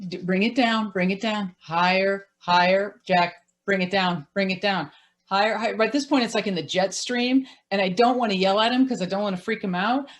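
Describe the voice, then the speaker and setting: Lively self-mocking woman storyteller. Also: on the low side. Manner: lively, self-mocking, laughs while telling. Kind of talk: live personal storytelling.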